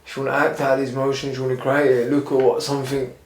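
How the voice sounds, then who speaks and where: Flat-voiced podcast host. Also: male voice, medium pitch, fast, a little hiss or hum. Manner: laid-back, slangy, encouraging. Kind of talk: casual podcast chat. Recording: echoey room.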